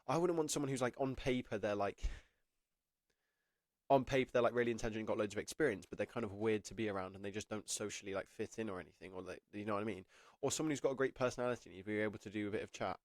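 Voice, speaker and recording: A man's voice: fairly low pitch, racing, no echo, studio quality. A young man giving casual advice to camera, rambling, full of "like", often self-conscious and laughing. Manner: chatty, rambling, heavy use of "like". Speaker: apprenticeship advice vlogger.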